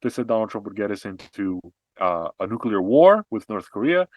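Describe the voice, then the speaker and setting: A man co-hosting a podcast, explaining history and politics in an animated, casual way with frequent restarts and fillers. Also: on the low side, normal speed, no echo, lo-fi sound. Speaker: podcast co-host.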